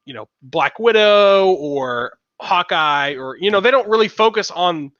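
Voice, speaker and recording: A man's voice: high voice, expressive, a little slow, fairly bright tone, no echo, dull audio. A man co-hosting a podcast in casual chat, rambling with fillers and restarts. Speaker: podcast co-host.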